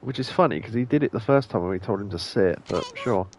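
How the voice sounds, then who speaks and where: A man's voice: fairly low pitch, lively intonation, fast talker, a little mellow, slight background noise. A man chatting casually while playing a game, musing aloud and laughing often. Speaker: let's play streamer. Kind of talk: casual gameplay commentary.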